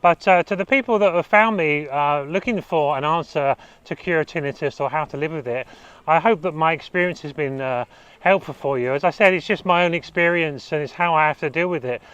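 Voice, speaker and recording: A man's voice: fairly high pitch, a little fast, a bit bright, clean tone, dry recording, muffled recording. A man vlogging casually to camera, telling his own story in a rambling way with many fillers.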